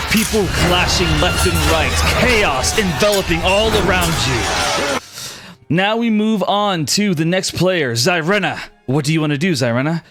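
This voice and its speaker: A man narrates a tabletop battle as dungeon master, his voice swinging up and down with the action. He sits a touch higher than most men, and soft background music plays under him. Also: no echo. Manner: lively, descriptive narration.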